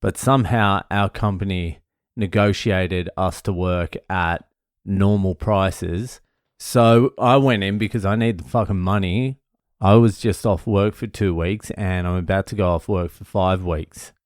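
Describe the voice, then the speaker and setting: Telling loose, laugh-filled stories peppered with swearing, an Australian comedian with a deep voice takes an unhurried pace on his own podcast. The casual monologue is recorded in studio quality with no echo.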